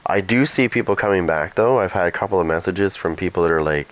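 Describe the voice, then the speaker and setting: A man's voice: sits low, fast talker, hardly any pauses, slight background noise, low-quality recording. A man who runs a gaming channel, chatting casually and rambling through asides while he plays. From Canada. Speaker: gaming streamer. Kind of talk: casual chat over gameplay.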